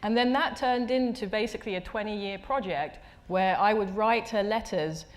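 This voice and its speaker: A woman's voice: medium pitch, moderate pace. Reflective woman telling stories. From England. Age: 30s. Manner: reflective, repeats words as she restarts, acts out quoted voices. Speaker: artist guest. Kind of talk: conversational storytelling at a live talk. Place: stage at a live talk venue.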